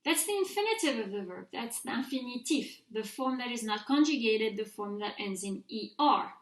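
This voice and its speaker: A woman's voice: a little high, animated, normal speed, echoey room. A woman teaching a recorded French grammar mini-lecture, patiently modelling pronunciation for her students to repeat.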